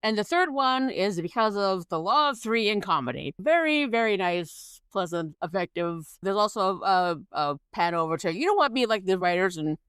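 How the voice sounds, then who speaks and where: Smooth-voiced woman on a podcast. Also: mid-range voice, expressive, normal speed, few pauses, a bit bright, no echo. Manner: earnest, explanatory. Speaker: podcast co-host. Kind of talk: casual chat.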